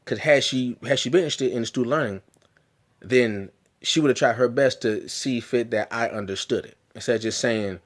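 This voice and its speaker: A man's voice: medium pitch, a little fast. Male vlogger, mid-range voice, earnest and emphatic storytelling with repeated restarts. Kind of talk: personal storytelling.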